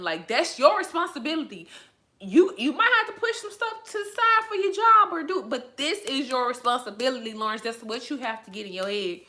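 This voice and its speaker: A woman giving animated, emphatic reaction commentary on a TV episode in a casual, slangy way. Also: medium pitch.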